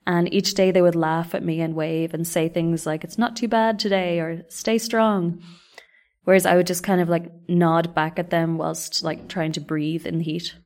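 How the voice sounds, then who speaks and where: A woman's voice: on the low side, flat delivery, moderate pace, hardly any pauses, a little mellow. A young woman telling travel stories in a chatty, self-deprecating way. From Ireland. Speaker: vlogger. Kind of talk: scripted travel storytelling.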